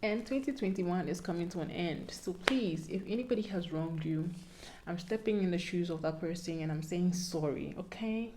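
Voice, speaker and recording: A young woman with a Ghanaian accent and a low, mellow voice gives casual advice to her viewers. She talks in a playful, pleading way that sometimes sounds like a sermon. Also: normal speed, a little hiss or hum. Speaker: vlogger.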